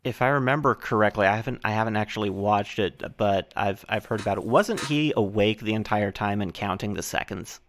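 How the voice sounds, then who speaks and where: A man's voice: fairly low pitch, fairly quick, few pauses, fairly bright tone, a little hiss or hum. A man on a podcast who speaks hesitantly and repeats himself while trying to remember something. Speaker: podcast guest. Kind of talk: casual podcast chat.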